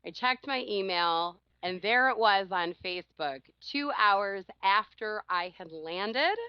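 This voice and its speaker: Woman telling a lively story, dull audio. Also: medium pitch, slow, smooth, no echo. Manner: animated, quotes others in changed voices, laughs often. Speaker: podcast co-host. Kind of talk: casual storytelling.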